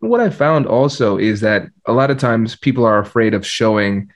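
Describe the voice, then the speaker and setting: A man hosting a podcast, talking quickly and earnestly and restarting his sentences. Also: fairly low pitch, animated. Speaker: podcast host, mediator. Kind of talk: casual interview talk.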